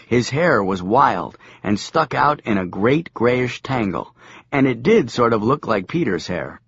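Man, audiobook narrator, husky, lively pitch, deadpan, dry close sound. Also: measured pace, no echo, lo-fi sound. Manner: dry, deadpan wisecracking delivery. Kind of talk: audiobook narration, comic novel.

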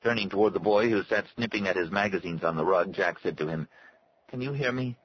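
Deep-voiced man reading a story. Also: steady tone, quick pace, lo-fi sound, a little hiss or hum. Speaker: audiobook narrator. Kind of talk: scripted narration.

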